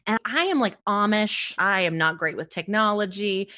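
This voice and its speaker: A woman comedian from the US East Coast, a podcast guest telling a story in a casual interview, lively, laughing often and acting out the voices of the people she quotes. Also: mid-range voice, normal speed, hardly any pauses.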